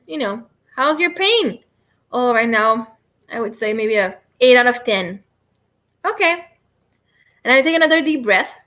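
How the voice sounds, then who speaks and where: A livestream host teaches tapping, explaining and demonstrating it in a chatty, rambling, self-deprecating way. Her voice is high-pitched, pushed and bright.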